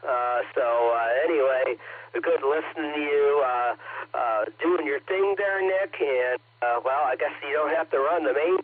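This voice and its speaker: A man checking into a ham radio net, rambling casually with many pauses. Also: on the high side. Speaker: net participant. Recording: radio transmission, narrow band.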